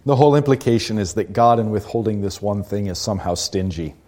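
A man's voice: on the low side, quick pace, a little mellow. A man leading a Bible study class, explaining scripture conversationally and asking rhetorical questions.

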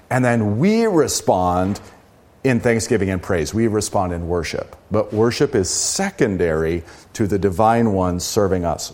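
A man's voice: medium pitch, darkish tone. A man teaching as a Lutheran pastor, talking through a book in a conversational, earnest way with emphatic rises on key words.

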